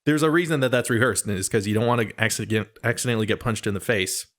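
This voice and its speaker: A man co-hosting a podcast, chatting casually in a quick, talkative way and laughing often. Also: medium pitch, a bit bright. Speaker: podcast co-host.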